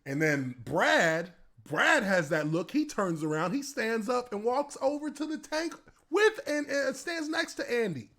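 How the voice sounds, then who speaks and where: A man's voice: extremely high pitch, big pitch swings, measured pace, a bit bright. A man in his thirties, a former pro football player, telling stories casually and animatedly, laughing and acting out scenes. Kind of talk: casual storytelling.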